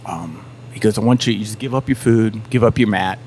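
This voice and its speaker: Animated storytelling man, faint hum. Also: on the low side, brisk. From Southern United States. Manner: animated storyteller acting out quotes. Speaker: band member guest. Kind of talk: casual storytelling on a podcast.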